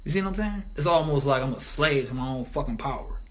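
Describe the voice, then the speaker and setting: A man rambles through a monologue as a commentator, profane and grandiose, wandering and restarting as he goes. He talks fast, with a medium pitch, lively intonation and a fairly bright tone.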